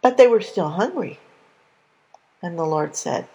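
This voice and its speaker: A woman telling a Bible story in an animated, conversational way for young listeners. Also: fairly low pitch, measured pace, creaky, breathy edge, low-quality recording.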